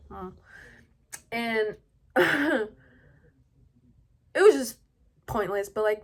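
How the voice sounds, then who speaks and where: A young adult woman at home tells a personal story in a halting, casual way, full of fillers. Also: medium pitch. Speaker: vlogger. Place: at home indoors.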